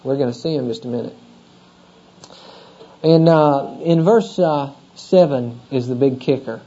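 Male pastor, mid-pitched and warm, working through scripture with asides to the congregation, dull lo-fi recording. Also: measured pace. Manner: conversational, asks the congregation questions. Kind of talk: expository sermon.

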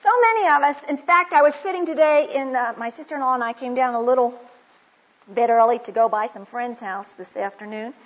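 A woman speaking at a Christian women's conference, telling personal stories in a conversational sermon, slowing down on emphatic phrases. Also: on the high side. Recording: muffled lo-fi recording.

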